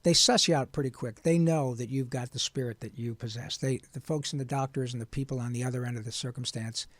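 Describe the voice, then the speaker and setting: A man, a voice actor, telling his story in an interview in an earnest, animated and frank way. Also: mid-range voice, quick pace, no room sound. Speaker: guest voice actor.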